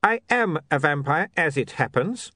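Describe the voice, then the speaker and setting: A man's voice: fairly high pitch, lively intonation, moderate pace, pushed and bright, no room sound, voice pushed up. A man reading an audiobook voices a formal, eager male vampire photographer with stiff, foreign-sounding phrasing. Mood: indignant.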